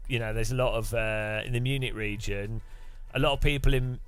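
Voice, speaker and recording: A young man talks loosely as he plays, circling his point with lots of filler words. His voice sits at an ordinary middle pitch. Faint music plays underneath. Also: fairly bright tone. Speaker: streamer. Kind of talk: casual chat while gaming.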